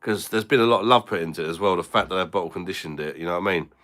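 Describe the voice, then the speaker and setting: Host, low and bright-toned, blunt, swears freely, banters with chat. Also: male voice, racing. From Britain. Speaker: beer reviewer hosting a live stream. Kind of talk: casual live-stream chat.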